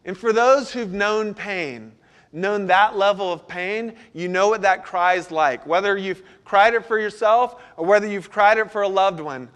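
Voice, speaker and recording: Earnest higher-voiced male pastor preaching. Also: unhurried, fairly bright tone. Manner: earnest, pleading when voicing prayers. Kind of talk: sermon.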